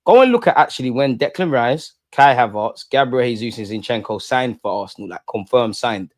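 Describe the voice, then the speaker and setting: A man's voice: medium pitch, animated, fairly quick, darkish tone, no room sound, clean studio sound. A young man, chatting casually on a live stream in slangy, joking banter. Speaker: streamer reading live chat. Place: room at home with curtains closed.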